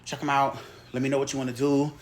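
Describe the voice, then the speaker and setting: A man hosting a spiritual healing show, talking in a casual, animated, profane and playful way. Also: medium pitch, quick pace, slight background noise. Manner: animated, profane and playful, acting out quoted voices.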